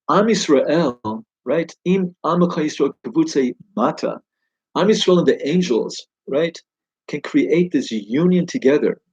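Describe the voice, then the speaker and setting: A man's voice: mid-range voice, darkish tone, breathy edge, muffled recording. A man giving an informal, enthusiastic Torah teaching in a conversational way. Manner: enthusiastic, conversational, exclaims wow. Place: home study.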